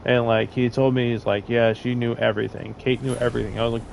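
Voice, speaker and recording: Young man, gravelly voice, rambling crude storyteller, faint background hiss. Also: medium pitch, little pitch movement, fast talker, low-quality recording. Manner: rambling, crude, loud laughing bursts. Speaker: storyteller in a casual talk. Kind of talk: casual storytelling chat.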